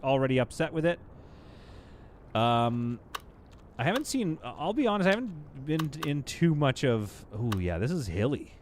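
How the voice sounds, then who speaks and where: A man's voice: mid-range voice, very animated, a little slow, a little hiss or hum. A man streaming live gameplay, chatting casually to his viewers and to the game as he builds. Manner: chatty, talks to the game and to chat, playful asides.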